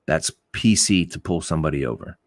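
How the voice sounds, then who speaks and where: A middle-aged man with a very low voice talks bluntly in a loose, rambling way, often restarting his sentences and swearing as he makes his points. The sound is dry and close. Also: expressive, a little fast, no echo. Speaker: podcast host. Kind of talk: casual opinionated talk.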